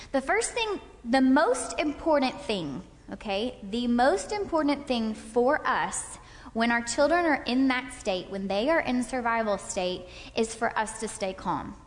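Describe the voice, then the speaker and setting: Woman, high voice, animated class leader acting out examples, reverberant hall. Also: a little slow. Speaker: speaker leading a parenting class. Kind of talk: interactive faith-based lecture with volunteers. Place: stage in a large hall. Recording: hall reverb from a stage talk.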